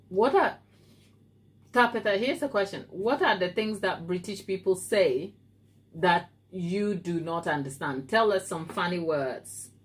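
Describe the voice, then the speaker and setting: A woman from Africa hosting a live baking stream from her kitchen, chatting playfully with viewers and teasing them by name. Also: on the low side. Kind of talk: casual live-stream chat reading viewer comments. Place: home kitchen.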